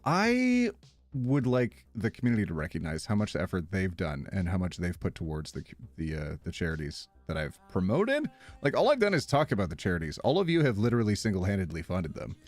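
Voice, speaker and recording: Over soft background music, a man with a low-pitched voice talks a little fast. He's live streaming and chatting casually with viewers, and he's animated, reading their messages aloud and laughing a lot.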